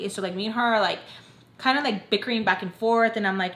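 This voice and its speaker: With a quick pace and a slightly bright, mid-range voice, a young woman vlogger chats her way through a personal storytime, saying "like" over and over. There's a roomy echo on the recording along with faint hiss.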